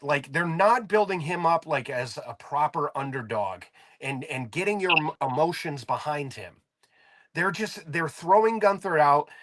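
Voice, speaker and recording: A man's voice: fairly high pitch, fairly bright tone. A man co-hosting a casual podcast chat, laid-back and profane as he rants. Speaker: podcast co-host.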